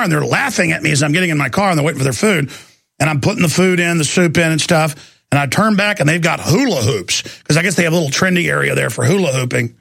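Gravelly high-voiced ranting talk host. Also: male voice, fairly bright tone, no room sound, clean studio sound. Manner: rambling, digressive ranting. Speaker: radio talk show host. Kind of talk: talk radio monologue. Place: radio studio.

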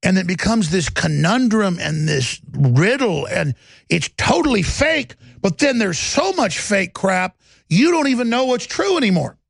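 A man hosting a talk radio show, ranting in an agitated way that swings from mumbling to loud. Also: sits high, big pitch swings, unhurried, creaky, breathy edge, no echo, studio quality. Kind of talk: heated talk radio monologue.

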